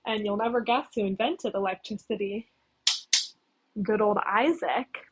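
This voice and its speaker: A woman's voice: mid-range voice, unhurried, slightly rough, poor audio. A young woman casually recapping a story plot, chatty and full of "like". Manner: chatty, heavy use of "like". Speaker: video essayist.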